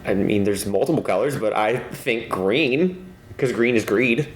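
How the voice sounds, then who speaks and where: A man's voice: fairly low pitch, a little slow. A man in a casual chat with a castmate, talking in a rambling way and laughing easily. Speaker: cast member interviewing a castmate. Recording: roomy echo.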